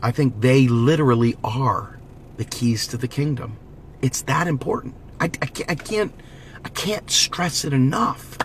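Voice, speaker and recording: A man's voice: on the high side, slight background noise. A man giving an impassioned direct-to-camera monologue, preachy and urgent, repeating slogans as he rallies his viewers. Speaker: political vlogger.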